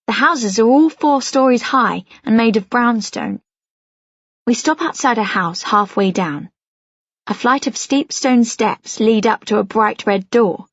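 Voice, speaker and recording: Husky woman reading a novel. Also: on the high side, unhurried, dry recording, highs cut off. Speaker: audiobook narrator. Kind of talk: first-person novel narration.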